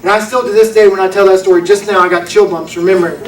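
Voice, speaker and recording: A man's voice: high voice, fairly even intonation, fast talker, slight background noise. A young man preaching a sermon, telling a story in an earnest, folksy way. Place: church auditorium. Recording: echoey room from a distance.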